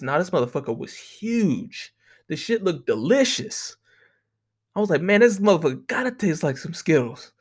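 A man's voice: high voice, sing-song, normal speed. A young man talking casually to the camera in a rambling, profane monologue, often laughing. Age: young adult. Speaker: vlogger.

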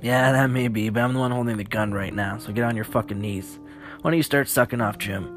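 A man's voice: medium pitch, steady tone, fairly quick, soft background music, lightly acted. A man voicing a cruel, crude male survivor who snarls taunting threats in a horror audiobook. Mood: menacing.

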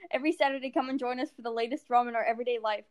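Teen girl podcast host, rambly and giggly, kinda high voice. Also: fairly even intonation, very fast. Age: teens. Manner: giggly, rambling, stumbles over words. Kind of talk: casual chat.

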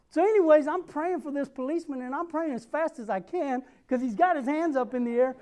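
A young man preaching a sermon, telling a personal story and acting out the dialogue with lively energy. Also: extremely high pitch, brisk, few pauses. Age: young adult. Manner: repeats a rallying question.

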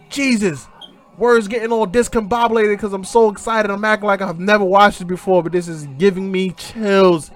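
A man's voice: high-pitched, normal speed. A man hosting a podcast, re-calling a wrestling match with a choked-up, tearful tone. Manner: excited play-by-play shouting, then emotional and hushed. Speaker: podcast host.

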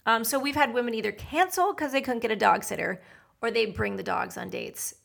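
A woman's voice: a little high, fairly quick, vocal fry, a bit bright. A middle-aged woman, a matchmaker hosting a podcast, giving blunt, feisty dating advice in a chatty monologue.

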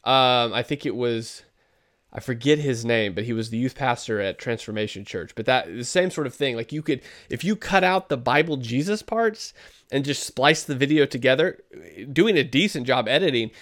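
A man's voice: mid-range voice, lively intonation, moderate pace, fairly bright tone. Conversational man reviewing a sermon. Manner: conversational, critical, frequent fillers. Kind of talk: video commentary.

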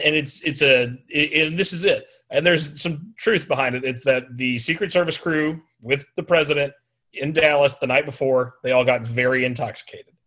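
A man's voice: medium pitch, bright, forceful tone. A middle-aged man with a Southern US accent, co-hosting a podcast and telling stories in a joking, casual way. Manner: joking, storytelling. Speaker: podcast co-host. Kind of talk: casual chat.

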